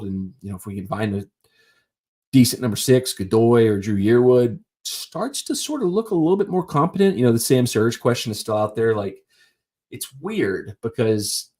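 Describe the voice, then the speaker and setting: A man talks sports by himself on a live stream. His voice sits a little low, and he wanders through his points with lots of fillers and restarts. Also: darkish tone. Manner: rambling, many fillers and restarts. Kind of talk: casual solo sports talk.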